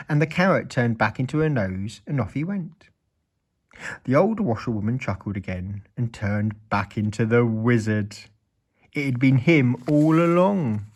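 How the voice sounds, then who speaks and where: A man reading a children's story aloud in an expressive, playful way. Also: on the low side.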